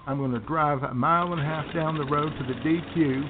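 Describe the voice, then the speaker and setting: A man's voice: a little high, fairly even intonation, fairly quick, background noise, lightly acted. A man voicing a blustering right-wing male radio pundit who rants with sneering pomposity, recorded on a tinny phone-like line. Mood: ranting sneer.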